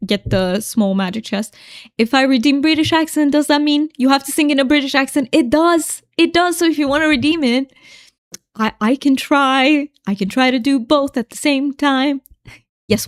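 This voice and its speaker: A woman's voice: high-pitched, dry recording, studio quality. Chatty, giggly young woman streaming a game. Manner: chatty, laughs often, self-deprecating. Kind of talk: casual game-stream chat.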